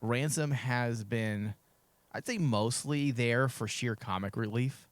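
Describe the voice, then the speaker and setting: A man's voice: medium pitch, slow pace, no room sound. A man co-hosting a casual podcast discussion who talks frankly, gives strong opinions and makes crude jokes, and is losing his voice. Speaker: podcast co-host.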